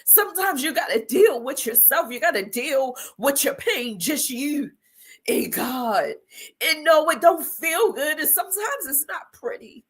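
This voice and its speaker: On her inspirational show, a middle-aged woman gives a monologue in a preacher's style, repeating phrases as she teeters near tears and stays defiant. Her high voice is expressive and unhurried.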